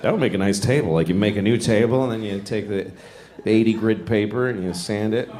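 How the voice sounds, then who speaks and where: A man's voice: on the low side, brisk. A man in his forties from Boston doing crude, rambling, self-mocking stand-up on a club stage into a handheld mic. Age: 40s. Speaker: stand-up comedian. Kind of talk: stand-up comedy. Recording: echoey live club with crowd noise.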